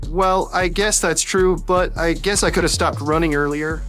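A woman's voice: lowish voice, steady tone, moderate pace, pitched below the performer's own voice, lightly acted. A woman voicing a nervous, apologetic young man who stammers, over faint music.

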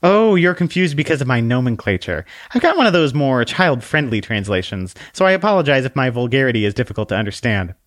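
A man's voice: mid-range voice, big pitch swings, fast talker, few pauses, no echo, studio quality, voice pushed up, natural voice. A man voicing a sassy, condescending little female book who lectures bluntly.

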